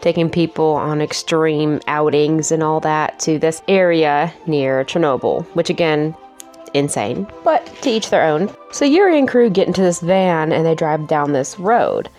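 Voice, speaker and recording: A woman's voice: low-pitched, lively intonation, a little slow, a little mellow, soft background music. A woman giving a casual, chatty movie review, self-mocking and laughing at her own jokes.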